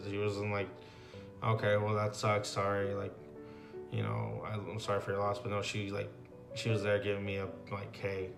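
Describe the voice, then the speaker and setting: Low, flat-voiced young man giving testimony. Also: gravelly. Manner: halting, reflective, with frequent ums and likes. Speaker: graduate student. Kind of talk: personal testimony interview.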